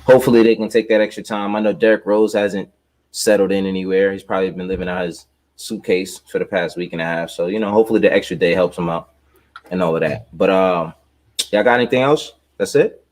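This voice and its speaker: A man with a fairly low voice hosts a sports podcast in a relaxed, rambling way. He leans on fillers and talks loosely over a remote call. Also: fast talker. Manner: laid-back, loose, with many fillers and laughs. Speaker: podcast host. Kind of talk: casual sports chat.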